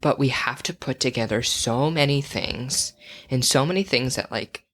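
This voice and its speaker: A woman co-hosting a podcast in casual chat, candid and quick to laugh, with many filler words. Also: a bass voice, fairly bright tone. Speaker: podcast co-host.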